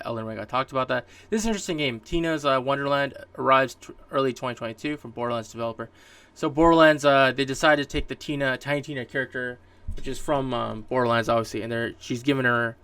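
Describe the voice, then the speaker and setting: Bright, forceful and clean in tone, this medium-pitched voice belongs to a Canadian solo podcast host. He chats loosely about gaming news, using lots of fillers and restarting sentences. The recording is dry, with a distant mic.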